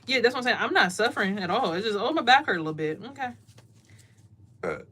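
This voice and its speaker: A woman with a fairly high, expressive voice and a slightly breathy edge talks quickly while hosting a casual card-reading livestream from a small closet. She is emphatic and preachy, often repeating her words and mimicking others in loud bursts.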